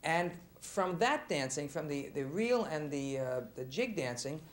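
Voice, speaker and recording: Halting man interviewing a dancer. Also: fairly high pitch, animated. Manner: halting, many fillers and restarts. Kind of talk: casual interview.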